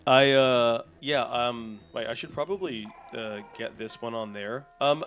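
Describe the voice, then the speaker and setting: A man's voice: medium pitch, animated, a little slow, hardly any pauses, a bit bright, clear, resonant tone. An Australian man live-streaming a game, chatting casually and answering viewers' messages in a loose, rambling way. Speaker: livestreamer. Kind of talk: casual chat with live chat readers.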